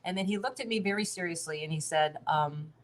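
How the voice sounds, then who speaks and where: Casting: middle-aged woman, lowish voice, rambling and chatty, laughs a lot, video-call audio. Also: a little fast. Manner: chatty, many fillers and restarts, laughs often. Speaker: interview guest. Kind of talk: casual conversational storytelling.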